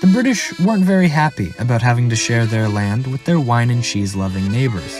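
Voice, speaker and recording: A young man narrating a comedic history cartoon with deadpan, playful delivery. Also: medium pitch, fairly quick, soft background music. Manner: deadpan, jokey, playful voice shifts.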